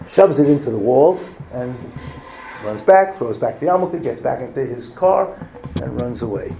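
Gravelly, mellow man telling stories. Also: medium pitch, slight background noise. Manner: folksy storytelling with Yiddish and Hebrew words. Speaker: rabbi speaking to a visiting group. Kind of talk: storytelling talk to a group.

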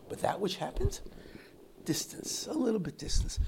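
Male rabbi, gravelly, very lively pitch, faint noise behind; loud bursts, then near-whispers. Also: moderate pace. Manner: animated, swings from loud exclamations to near-whispers; acts out quoted people in his story. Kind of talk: Torah talk to a congregation.

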